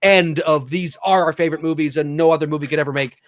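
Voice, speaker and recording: A man co-hosting a live-stream chat show, talking casually and at length with frequent restarts and the odd curse. His voice sits a little high, and the recording is dry with no room sound. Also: fast, no room sound. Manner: rambling, animated, restarts, swears casually. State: talking with a lozenge in his mouth. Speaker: podcast co-host.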